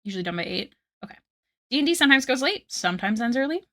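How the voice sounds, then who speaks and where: Young woman, rambling art-stream chat, bright voice, dry close desk mic. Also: high voice, very animated, racing, no echo. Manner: chatty, rambling, self-deprecating, reads chat aloud. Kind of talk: casual chat while drawing on stream. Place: home room at night.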